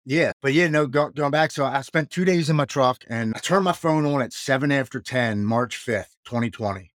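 A man in his forties earnestly recounts his own addiction and recovery in a casual talk, emotional yet matter-of-fact. His mid-range voice moves at normal speed, recorded in studio quality with no room sound.

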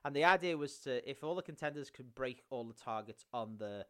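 A man telling stories in casual podcast chat, animated and swearing a lot, acting out scenes. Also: medium pitch, a little fast. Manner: animated storytelling, swears often, acts out scenes. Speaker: podcast co-host.

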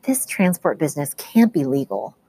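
A woman's voice: deep voice, very animated, normal speed, dark tone, slightly rough, dry recording, exaggerated voice. A woman voicing a clever, matter-of-fact young girl in a storybook reading. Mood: brisk.

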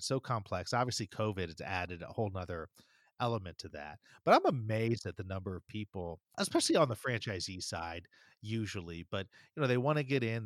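A man's voice: on the low side, no room sound, studio quality. A man hosting a casual podcast interview, chatty and emphatic with stumbling starts. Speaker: podcast host.

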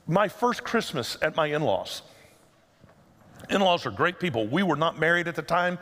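Middle-aged man, pastor, sermon, joking storyteller, slightly high voice, long hall reverb. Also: fairly quick. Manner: animated, conversational storytelling with humor.

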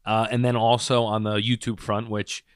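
Low-voiced man co-hosting a podcast. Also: flat delivery, moderate pace, clean tone, no echo, clean studio sound. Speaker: podcast co-host. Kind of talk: casual chat.

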